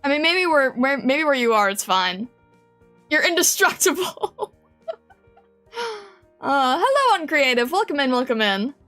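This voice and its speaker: A woman's voice: high voice, sing-song, measured pace, pauses often, a bit bright, soft background music. A woman streamer chatting casually with her viewers, giggling often and rambling with many restarts. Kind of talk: casual live-stream chat.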